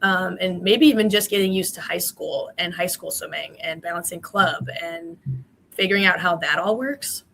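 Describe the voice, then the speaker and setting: A young woman, once a college swimmer, tells her story as a podcast guest. Her voice sits a little low and she talks in a loose, chatty flow full of fillers. A faint hiss runs under the recording. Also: normal speed, creaky, fairly bright tone, poor audio. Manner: chatty, many "you know" fillers. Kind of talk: casual interview answers.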